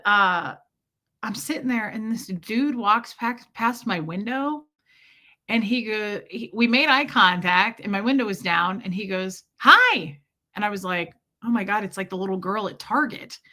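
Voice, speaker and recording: A woman's voice: mid-range voice, sharp tone. A woman telling a story on a casual livestream. She greets viewers by name mid-story and acts out the people she met in little voices.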